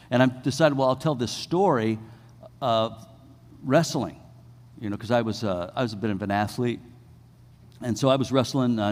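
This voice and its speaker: A man's voice: medium pitch, slight background noise. A middle-aged male pastor giving a sermon, telling stories about himself in a conversational way full of restarts. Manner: storytelling, self-deprecating and conversational with many restarts. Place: church sanctuary. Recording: long reverb of a church hall.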